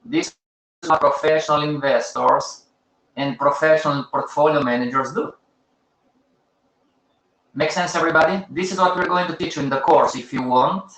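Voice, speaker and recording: A man's voice: on the high side, moderate pace, long pauses, fairly bright tone, echoey room, rough recording. A man with as a hosting a live teaching session, talking to his audience in short, emphatic, repeated phrases and chiding them. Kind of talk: casual live-stream teaching.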